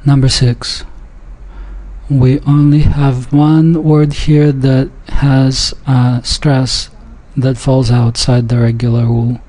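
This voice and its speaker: A man leads a pronunciation lesson at a slow, unhurried pace. His voice is mellow and dark, and he repeats each word with care, pausing and sometimes restarting a phrase. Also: medium pitch, little pitch movement, poor audio. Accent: speaks a Yiddish dialect. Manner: deliberate, repeats words slowly, with pauses and small restarts. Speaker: language teacher.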